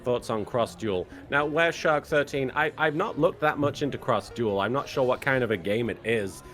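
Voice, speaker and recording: A man's voice: mid-range voice, normal speed, a bit bright, faint music behind. A man guesting on a stream, chatting in an easygoing way with dry humor. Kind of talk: casual chat on stream.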